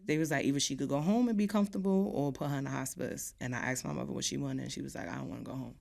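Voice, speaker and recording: Gravelly-voiced woman telling a personal story. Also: rumbling low, rapid-fire. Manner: casual storyteller who acts out quotes, often trailing off softly. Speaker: podcast guest.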